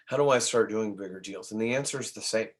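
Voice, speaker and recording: A man's voice: on the low side, quick pace. A man leading a real estate training class, talking conversationally and often asking "right?" of the listeners. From Nashville. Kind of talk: training talk to agents.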